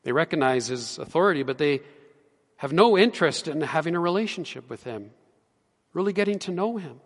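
A pastor delivers a sermon in an earnest voice that climbs to emphatic peaks. His voice sits a little high for a man. A long reverb trails each phrase, as in a church sanctuary. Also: animated, fairly quick.

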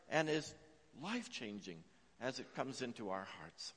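A man preaching a sermon as pastor, telling a story with frequent "uh" fillers and swinging between hushed and emphatic delivery. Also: medium pitch, sing-song, unhurried, breathy edge. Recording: long reverb of a large hall.

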